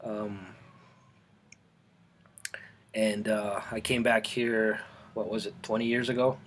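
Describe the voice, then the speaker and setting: A man in his forties, born in Colombia, chatting casually to camera in his home art studio, halting and full of restarts. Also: fairly low pitch, flat delivery, a bit bright, slight background noise. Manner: rambling, halting, with many restarts and fillers. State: eating, mouth full at times. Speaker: artist and channel host.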